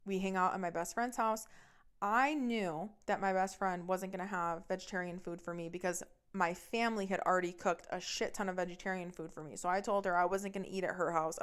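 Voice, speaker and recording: A woman's voice: on the low side, fairly even intonation, a little fast, clear, resonant tone. A young woman hosting a podcast, telling a personal story in a blunt, exasperated, heavily profane way. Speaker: podcast host. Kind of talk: casual storytelling monologue.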